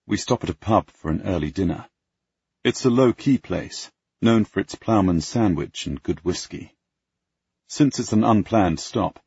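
A man with a deep, gravelly, raspy voice narrates a first-person story, his pitch moving widely as he reads. The sound is dry and dull, without room echo. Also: a little mellow. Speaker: audiobook narrator.

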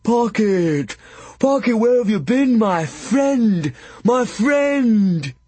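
A man voicing a huge, simple-minded and gentle male giant who talks in a childlike, excited way. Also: high voice, extremely slow, breathy edge, voice pushed up, exaggerated voice. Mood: overjoyed.

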